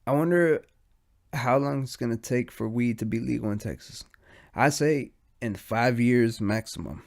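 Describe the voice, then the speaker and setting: A young man with a gravelly, creaky voice at an ordinary pitch, hosting his podcast alone. He is high and sleepy and rambles from thought to thought in loose, profane slang. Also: moderate pace. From United States. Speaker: podcast host. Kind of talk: casual stoned monologue.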